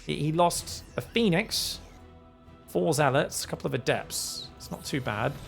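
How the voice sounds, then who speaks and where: A high-pitched man calls a live match in a put-on British accent over his native Australian one. He is jokey and excitable and keeps breaking into loud yells, with faint music playing under him. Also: measured pace, creaky. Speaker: esports caster. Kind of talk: live game commentary.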